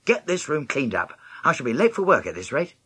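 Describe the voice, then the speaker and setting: A man voicing a sharp, scolding mother in a storybook reading. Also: on the high side, very animated, a little fast, slightly rough, pitched above the performer's own voice, heavily acted.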